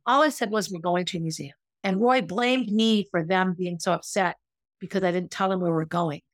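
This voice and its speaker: A woman's voice: mid-range voice, no room sound. A middle-aged woman telling a personal story as a podcast host, earnest and emotional, acting out quoted dialogue.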